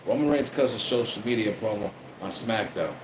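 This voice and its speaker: A man's voice: fairly low pitch, animated, brisk. A man giving a casual wrestling review, profane and repeating himself as he rambles. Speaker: wrestling commentator. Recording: echoey room with faint air conditioning hum.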